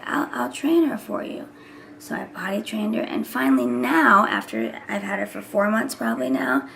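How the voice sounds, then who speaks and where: A woman's voice: mid-range voice, creaky, fairly bright tone, a little hiss or hum. A woman in her thirties chatting casually to camera as a vlogger, rambling and sometimes dropping into whispers. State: voice recovering from hoarseness. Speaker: vlogger and mother.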